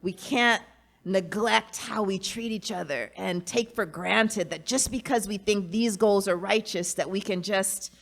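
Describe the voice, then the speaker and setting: A woman's voice: medium pitch, unhurried, vocal fry. A woman in conversation with a mid-range voice, talking in an earnest, reflective way. She leans on "you know" and "right?" as she works through her thoughts. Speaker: guest, academic and author. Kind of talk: casual conversation.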